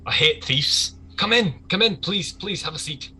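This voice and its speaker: A man voicing a blustering male gang boss who swings from shouting to mock politeness. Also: a little high, expressive, moderate pace, voice pushed up, poor audio. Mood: oily menace.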